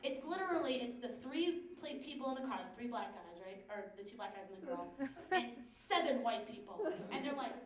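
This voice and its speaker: Young female stand-up comic, high, sarcastic and animated, distant roomy mic with a loud audience. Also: brisk, a little hiss or hum. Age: young adult. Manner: animated, sarcastic, laughs often. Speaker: stand-up comedian. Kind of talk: stand-up storytelling. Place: live comedy stage.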